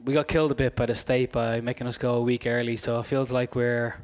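A man who is a high school soccer coach, talking as a podcast guest, a little raspy from a cold and rambling with restarts. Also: little pitch movement, fast. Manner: rambling, many restarts and fillers.

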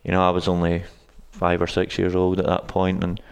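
A young Scottish man with a very deep, even voice that rarely rises or falls. He talks in a smooth, resonant tone, stopping often with ums and restarts. The sound has a long reverb, as if in a hall. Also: fairly quick. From Scotland. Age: 20s. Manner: hesitant, many ums and restarts. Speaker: guest, college soccer coach. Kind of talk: casual interview answers.

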